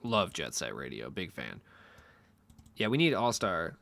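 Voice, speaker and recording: A man's voice: sits low, big pitch swings, measured pace, creaky, a bit bright. A young man chatting casually with his stream viewers in a loose, rambling, profane way.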